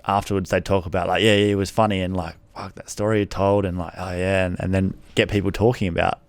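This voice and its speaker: A man with a very deep voice hosts a relaxed interview. He backs his guest with short affirmations, and his voice sounds dry and close to the mic. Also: fast talker, no echo. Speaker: podcast host. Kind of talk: casual interview chat.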